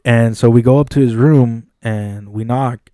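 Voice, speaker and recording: A man with a mid-range voice co-hosts a podcast, telling a work story in casual chat at an unhurried pace. He's animated, acts out the quoted lines and swears often. It's studio quality from a studio mic, with no echo.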